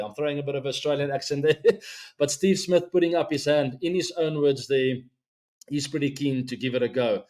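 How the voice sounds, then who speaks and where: A middle-aged man hosts a cricket news show. He talks straight to his viewers in a loose, chatty way, dropping in plenty of ums. His voice sits in an ordinary middle pitch. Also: fairly even intonation, brisk, darkish tone. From South Africa. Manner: chatty, direct address to viewers, frequent ums. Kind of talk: casual solo commentary to camera.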